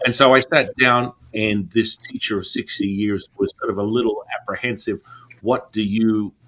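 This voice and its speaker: A man being interviewed, telling a story in an animated way and acting out the voices of people he quotes. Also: lowish voice, normal speed. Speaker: podcast guest.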